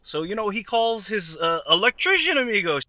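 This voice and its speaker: A man spins a comic story straight to the listener, talking in a lively, conversational way. His voice sits high and bright, swooping up and down constantly, and the recording is close and dry. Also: fairly quick, no room sound. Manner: animated, conversational, addresses the viewer directly. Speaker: comedian. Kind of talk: comedic storytelling monologue.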